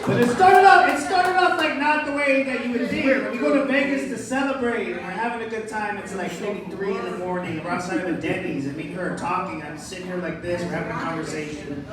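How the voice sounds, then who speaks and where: A man doing a stand-up comedy set and hosting the show, telling crude stories in a brash, animated way. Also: high-pitched, quick pace, hardly any pauses, far from the mic. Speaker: stand-up comic and show host. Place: small comedy club stage. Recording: echoey room miked from afar, crowd heard. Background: audience laughter.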